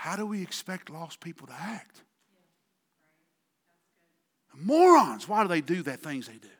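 A pastor delivers his sermon in a high, bright voice that rises and falls in wide swings. He bursts into shouts on key words, then drops to quiet asides, all of it ringing in a long hall reverb. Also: lively intonation, fairly quick. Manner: preaching with sudden shouted outbursts and quiet asides.

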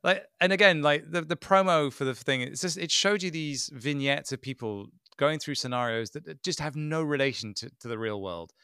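Man, podcast co-host, sardonic and lively, clean close dry sound. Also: on the high side, moderate pace, hardly any pauses, clean tone, dry recording. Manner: animated, mocking impressions, sarcastic. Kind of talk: casual tech podcast chat.

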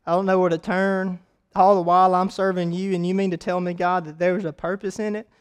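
High-pitched preacher guy, goes loud then real quiet, dramatic sermon style. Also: flat delivery, fairly quick, smooth. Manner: dramatic, swings from shouting to quiet.

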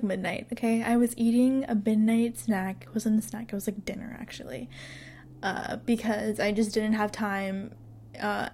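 A woman's voice: medium pitch, a little mellow. A young woman in her twenties telling a storytime to her viewers in a casual monologue, chatty and swearing freely, with many fillers and frequent laughter. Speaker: vlogger.

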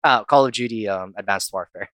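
Chatty young man with a low voice. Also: fairly quick, fairly bright tone, dry recording. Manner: chatty, laughs often, jokey put-on voices. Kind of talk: casual chat.

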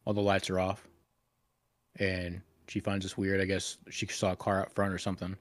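A man's voice: sits low, monotone, normal speed, no echo. A man co-hosting a casual podcast, retelling scenes in a crude, rambling way full of swearing. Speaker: podcast co-host.

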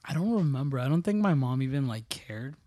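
A man's voice: mid-range voice, lively intonation, a little fast, warm tone, dry recording. A man telling childhood stories in a casual chat. He rambles, restarts and fills his talk with "like", with bursts of laughter. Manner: rambling, filler-heavy, many "like"s and restarts.

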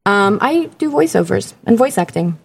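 A woman's voice: mid-range voice, normal speed, creaky, a little hiss or hum. A woman who works as a voice actor, chatting casually and playfully as a podcast guest. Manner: animated, playful, laughs often, slips into imitated voices.

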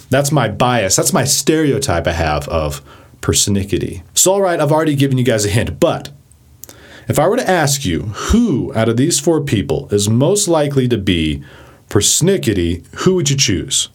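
A man giving a casual vocabulary lesson, chatty and animated, who acts out examples as he explains. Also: mid-range voice, moderate pace. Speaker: vocabulary teacher.

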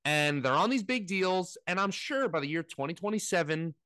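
A man rants in casual sports talk, his somewhat high voice swinging widely up and down as he mocks his opponents. The recording is dry and close, with no room sound. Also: normal speed, no echo. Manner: animated ranting, mocking impressions. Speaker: podcast co-host.

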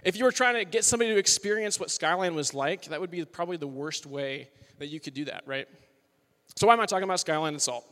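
A man's voice: on the high side, fast talker, bright, forceful tone. A man in his twenties, a worship leader preaching a casual, joking sermon to college students, chatty and upbeat with lots of "like" and "you know.". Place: large worship hall with live audience. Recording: long hall reverb.

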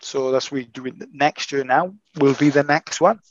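A man's voice: medium pitch, fairly even intonation, normal speed, no room sound, highs cut off. A man who teaches martial arts, chatting on a podcast in an emphatic way and swearing freely. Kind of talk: casual podcast chat.

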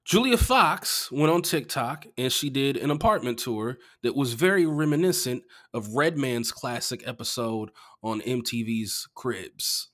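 Bright-voiced man telling loose profane stories. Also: medium pitch, measured pace, hardly any pauses. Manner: profane, animated storytelling that jumps into loud quoted outbursts. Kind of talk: casual podcast chat.

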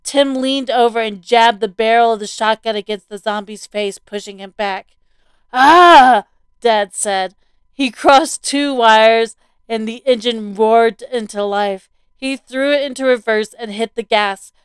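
Smooth-voiced woman narrating a horror tale. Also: on the high side, a little slow, dry recording. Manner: steady, vivid storytelling. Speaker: story narrator. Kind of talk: scripted first-person horror narration.

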